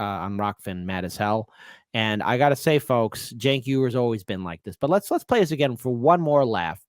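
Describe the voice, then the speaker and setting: A man's voice: medium pitch, dry recording, clean studio sound. A man hosting a casual political commentary show, rambling and emphatic, repeating points. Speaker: host.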